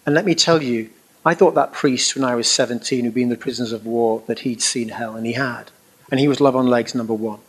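A man's voice: mid-range voice, a little fast, husky. Chatty middle-aged man telling a story. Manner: animated and anecdotal, with chuckling asides and vivid colloquial phrasing. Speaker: speaker giving a personal testimony. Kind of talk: storytelling testimony to a live audience.

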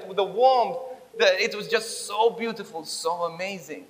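A man preaching a personal testimony, emphatic and repetitive, swinging between loud bursts and hushed lines. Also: high-pitched, moderate pace, big-room sound. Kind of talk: sermon testimony.

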